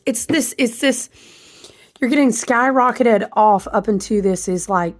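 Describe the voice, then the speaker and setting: Speaking a little slowly in a slightly high voice, a woman who hosts an astrology and tarot channel rambles in a casual spiritual monologue full of ums and restarts. Still a bit chesty while recovering from a chest cold, she coughs now and then, her talk flowing stream-of-consciousness.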